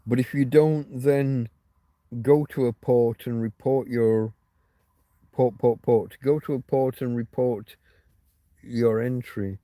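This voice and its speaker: A man's voice: mid-range voice, steady tone, slow, mellow, dry recording. A man hosting a casual livestream, rambling through stories and answering viewer comments. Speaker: livestream host.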